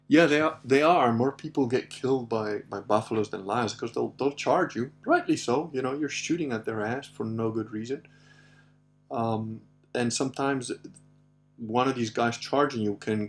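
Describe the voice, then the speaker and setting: A middle-aged man hosting a casual livestream, rambling through stories with frequent laughs and reading viewer comments. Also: medium pitch. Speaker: host.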